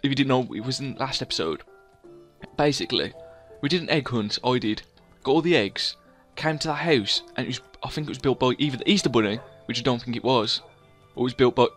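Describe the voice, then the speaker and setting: A man doing excitable game commentary, humming sound effects and theme music as he plays. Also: mid-range voice, fast. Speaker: let's play gamer.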